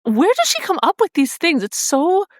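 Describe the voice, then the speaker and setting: A woman co-hosting a podcast, reacting with quick asides and laughter in casual chat. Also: high-pitched, very animated, dry recording, studio quality. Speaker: podcast co-host.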